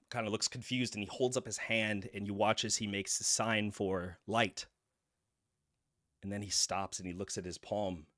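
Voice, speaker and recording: A man running a tabletop game as game master, narrating a horror scene in vivid detail, often hushed, with fillers. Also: on the low side. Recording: music underneath.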